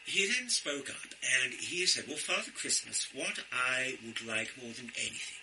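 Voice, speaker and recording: An actor playing a vain, florid out-of-work actor who tells a tale with pompous, self-admiring flourishes. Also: male voice, medium pitch, normal speed, bright, forceful tone, a little hiss or hum, rough recording. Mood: conspiratorial. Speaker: storyteller. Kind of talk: theatrical one-man storytelling.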